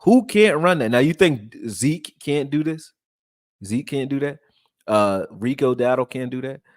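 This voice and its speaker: A man from Texas, raised in Philadelphia, breaking down football film and reading chat on a live stream in a loose, profane, animated way. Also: medium pitch, measured pace, no room sound, studio quality. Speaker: sports commentary streamer.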